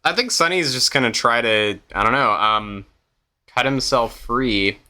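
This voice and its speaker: A man's voice: medium pitch, unhurried, sharp tone. A man playing a tabletop game, speaking hesitantly with mock frustration. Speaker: player. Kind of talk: casual tabletop play.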